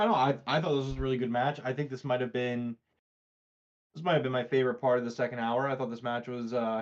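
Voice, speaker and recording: A man co-hosting a podcast in casual chat, talking things through thoughtfully and analytically, with frequent fillers and restarts. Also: mid-range voice. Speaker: podcast co-host. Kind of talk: casual wrestling review chat. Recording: dull, lo-fi mic.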